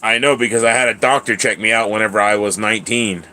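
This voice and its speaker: A man's voice: fairly low pitch, quick pace, pushed and bright. A man in his thirties hosting a casual livestream, rambling and chatty as he answers viewers by name. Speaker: livestream host.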